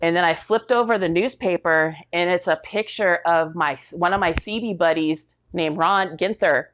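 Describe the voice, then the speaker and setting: Animated, slangy woman veteran storyteller. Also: lowish voice, moderate pace, muffled recording. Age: middle-aged. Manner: animated, acts out quoted voices, slangy. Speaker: military veteran guest. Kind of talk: casual storytelling in an interview.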